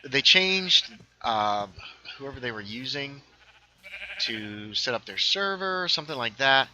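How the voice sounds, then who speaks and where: A man with a very bright, sharp voice talks his way through a game livestream. He rambles from one thing to the next and reads viewers' comments out loud as he plays. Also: mid-range voice, expressive, a little hiss or hum, rough recording. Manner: rambling, reads chat aloud, quick asides. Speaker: livestream host playing a game. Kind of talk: casual gaming livestream chat.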